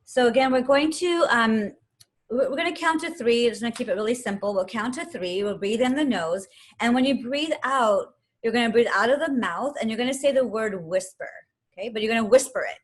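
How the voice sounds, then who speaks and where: A woman teaching yoga and meditation, calmly guiding a breathing exercise step by step and counting the breaths aloud. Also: fairly high pitch, fairly quick. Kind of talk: guided breathing instruction.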